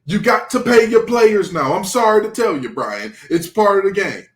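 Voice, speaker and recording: A man's voice: high voice, lively intonation, moderate pace, fairly bright tone, reverberant. A man co-hosting a sports podcast, ranting sarcastically and with animation. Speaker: podcast co-host. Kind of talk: heated sports talk.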